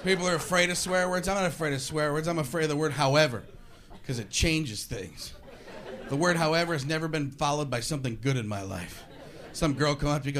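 A male stand-up comedian works through a sarcastic routine in a fairly high voice, jumping into voices as he goes. Steady noise sits under the live recording. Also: fast talker. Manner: sarcastic, animated, acts out voices. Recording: noisy live show recording.

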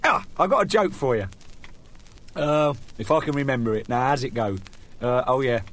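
A man's voice: medium pitch, lively intonation, normal speed. A middle-aged man, hosting a comic monologue in a rambling, jokey, self-mocking way. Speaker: host.

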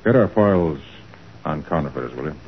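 A brisk detective. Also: male voice, very deep voice, expressive, vocal fry, lo-fi sound, heavily acted. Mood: focused. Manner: brisk, businesslike. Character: calm methodical male detective. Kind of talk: 1940s radio acting. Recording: scratchy old radio broadcast with faint hiss.

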